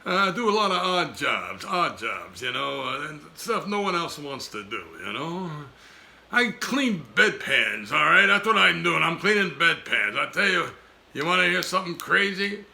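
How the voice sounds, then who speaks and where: A man's voice: a little high, big pitch swings, gravelly, sharp tone, pitched above the performer's own voice, full character voice. A man doing a wisecracking hard-luck comedian who gets no respect, firing off gag one-liners. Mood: complaining. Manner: rapid gag one-liners, "I tell you". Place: home lanai porch.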